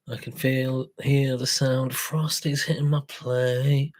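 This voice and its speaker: A man's voice: medium pitch, flat delivery, slow, hardly any pauses, a little mellow. A man hosting a live beer review stream, rambling and self-deprecating with plenty of swearing. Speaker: beer review channel host. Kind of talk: casual live-stream chat.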